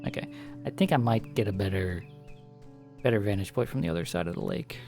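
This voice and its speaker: A man's voice: on the low side, expressive, a little fast, a little mellow, faint music behind. An American man streaming a fishing game, chatting casually and rambling through opinionated tangents. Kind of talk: casual gameplay chat.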